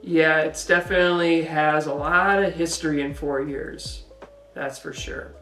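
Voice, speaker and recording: Man, co-host, easygoing storyteller, a bit high voice, roomy sound, mic set back, soft music behind. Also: measured pace, recorded from a distance. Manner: relaxed storytelling, many "you know" fillers. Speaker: co-host, husband. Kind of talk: casual podcast-style testimony. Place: home.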